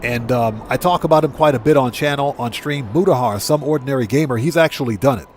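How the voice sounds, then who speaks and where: A middle-aged man talks casually on a gaming livestream, wandering from point to point and correcting himself as he goes. His voice sits at an ordinary middle pitch, and there is a faint hum of noise behind him. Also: fast. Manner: rambling, self-correcting, reads chat aloud. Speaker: livestream host.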